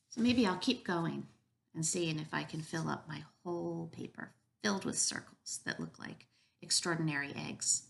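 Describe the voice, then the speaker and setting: Gravelly, low-voiced preschool teacher. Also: female voice. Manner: gentle, warm-paced and encouraging with children. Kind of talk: children's story time reading.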